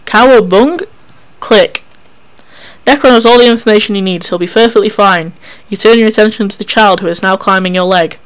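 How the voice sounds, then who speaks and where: Story game narrator, wry and casual, smooth clear voice, mid pitch. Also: steady tone, fairly quick, fairly bright tone. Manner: wry, casual, swears freely. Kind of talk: reading an interactive story game aloud.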